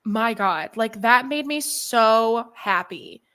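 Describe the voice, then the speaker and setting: A woman's voice: a little high, animated, slow, bright, forceful tone, clear, resonant tone. A young woman co-hosting a podcast, chatting casually about basketball, emotional and rambling, with salty language. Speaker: podcast co-host. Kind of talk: casual sports chat.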